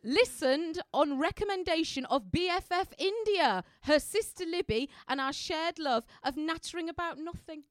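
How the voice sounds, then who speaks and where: A woman's voice: very high voice, no echo, studio quality. A woman co-hosting a live podcast, chatting playfully and reading listener letters with big swings from squeals to murmurs. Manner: playful, gushing, quick swings from shrieks to murmurs. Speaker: podcast co-host. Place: live show venue with audience.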